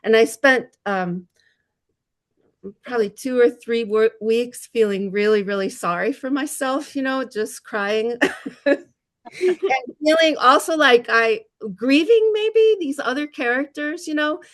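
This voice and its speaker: A woman's voice: a little high, animated, measured pace, fairly bright tone. A woman novelist on a panel discussion, talking in a reflective, self-deprecating way and laughing at herself.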